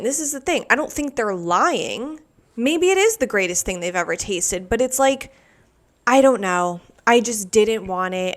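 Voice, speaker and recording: A woman hosting a solo podcast, venting in a loose, exasperated rant. She swears freely and talks in an animated, chatty way, with a mid-range voice. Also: medium pitch. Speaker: podcast host.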